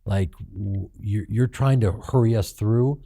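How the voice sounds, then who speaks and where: A man's voice: fairly low pitch, a little slow, creaky, mellow, no room sound, clean studio sound. A middle-aged man from Chicago, a guest actor telling candid stories in an interview, acting out the people he quotes in raised, profane voices. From Chicago, United States.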